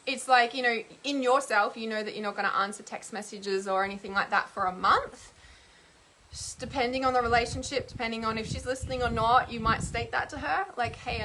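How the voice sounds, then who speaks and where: A woman's voice: medium pitch, pushed and bright, slight background noise. A woman hosting a casual livestream Q&A as an intuitive healer, chatting loosely and acting out little quoted exchanges.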